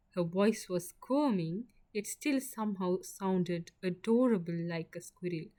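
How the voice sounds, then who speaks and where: A woman narrating a sad story in the first person. She reads at a very unhurried pace in a low-pitched voice, soft and measured.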